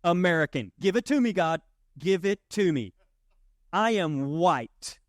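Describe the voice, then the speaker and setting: A man voicing an eager, gleeful man who demands labels from God, in a high, excited, crowing tone. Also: unhurried, dry recording, clean studio sound.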